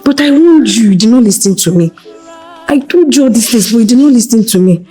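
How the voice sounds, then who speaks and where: Sly, fussy palace servant, Nigerian accent, scolding. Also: female voice, a little high, lively intonation, brisk, warm tone, husky, soft background music. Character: scheming palace servant woman, meddling and sly. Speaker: supporting actress. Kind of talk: film drama acting.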